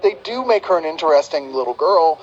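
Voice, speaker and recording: A man's voice: on the high side, lively intonation, a little fast, lo-fi sound. A man co-hosting a casual film review chat, wry and mock-exasperated. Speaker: podcast co-host, film reviewer.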